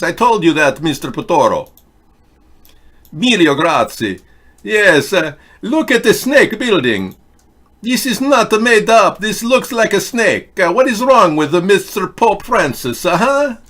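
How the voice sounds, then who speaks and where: A man putting on a mock Italian accent as an excitable older cleric figure, high and loud. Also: exaggerated voice.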